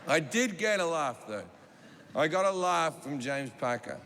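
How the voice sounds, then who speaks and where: A man's voice: on the high side, very animated, a little slow, fairly bright tone. An Australian man on a comedy stage, telling a rambling, profane story to a live audience and acting out the quotes. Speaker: stand-up comedian. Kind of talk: stand-up storytelling. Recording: reverberant live venue with audience noise.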